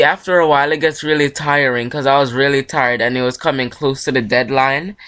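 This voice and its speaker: A man's voice: on the high side, fairly bright tone, smooth. A young man from Jamaica hosting his own podcast, talking in a loose, rambling solo monologue with frequent self-corrections.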